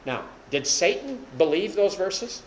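This preacher has a high, very animated voice but an unhurried pace as he gives an expository Bible lesson to a small group. He explains points plainly and speaks louder for scripture quotations, captured in poor, reverberant audio.

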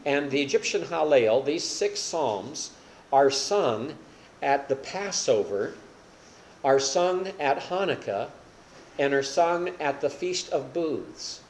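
A man's voice: on the high side, expressive, takes it slowly, slight background noise. An older man preaching a sermon as a pastor, explaining with rhetorical questions and folksy self-deprecating humor.

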